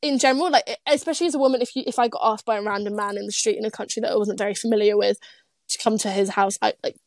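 A woman's voice: medium pitch, steady tone, very fast, no room sound. A young British woman co-hosting a podcast, chatty and giggly, full of fillers like "like". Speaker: podcast co-host. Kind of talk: casual podcast chat.

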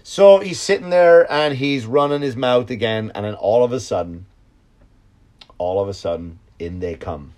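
A man, a comedian and podcast host, telling a story in a casual, profane monologue that swings from loud outbursts to low mutters. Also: moderate pace.

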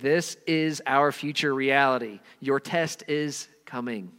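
A man preaching a sermon, earnest and emphatic, rising to loud stresses and dropping low and quiet. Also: slow, clear, resonant tone, big-room sound. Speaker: pastor.

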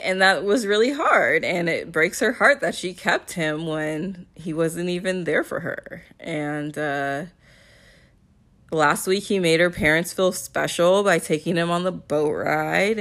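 A young woman chats her way through a reality show recap, unhurried and loose. Her voice sits a little low but swings widely in pitch. She breaks into laughter often and acts out the people she quotes. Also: lively intonation, fairly bright tone.

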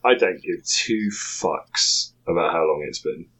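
A man's voice: low voice, unhurried, bright, forceful tone, husky, poor audio. A man co-hosting a casual podcast from home, swearing, laughing and joking dryly. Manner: laughing, sweary, dry jokes. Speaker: podcast co-host. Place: home room in Japan.

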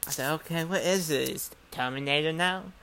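A man's voice: fairly high pitch, normal speed, sharp tone, clean tone. A man telling a rambling, profane story and acting out every line of dialogue. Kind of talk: casual spoken storytelling.

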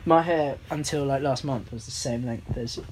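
A man's voice: mid-range voice, a little hiss or hum. A man hosting a casual chat, talking loosely and swearing now and then. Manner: chatty, swears casually, quick reactions. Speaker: podcast host.

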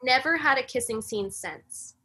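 A woman guest on a casual podcast chat, telling a personal story in an animated way and acting out the lines of others. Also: high-pitched, moderate pace, breathy edge. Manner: animated storyteller, acts out quoted dialogue. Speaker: podcast guest, breathwork facilitator.

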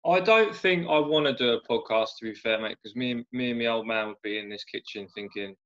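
Bloke, relaxed self-mocking football talk, muffled lo-fi mic. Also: male voice, medium pitch, a little fast, few pauses. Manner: laid-back, sweary, self-mocking. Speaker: podcast guest, football fan. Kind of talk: casual chat. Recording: slightly dull lo-fi sound.

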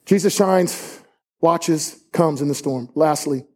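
High-voiced preaching man, emphatic. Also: takes it slowly, darkish tone. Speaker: pastor. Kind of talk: sermon. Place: church sanctuary.

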